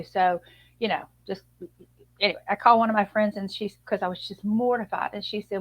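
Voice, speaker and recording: A woman guest, an image consultant and author, telling a lively personal story on a video call. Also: medium pitch, fast talker, highs cut off. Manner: chatty, animated storyteller with a laugh.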